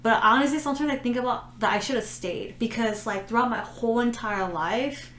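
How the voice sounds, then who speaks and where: A woman's voice: on the high side, brisk, a bit bright. Rambling woman in an echoey room. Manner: rambling storytelling full of "like", acting out quotes. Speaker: podcast co-host. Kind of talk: casual chat. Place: room at home. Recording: roomy echo with faint noise.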